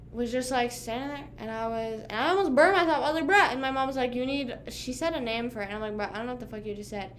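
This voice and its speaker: A young woman talks to her livestream audience from a room at home in a slangy, rambling way. Her voice sits a little high. Faint noise hangs behind her. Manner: chatty, slangy, lots of "like" and "bruh". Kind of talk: casual chat with viewers.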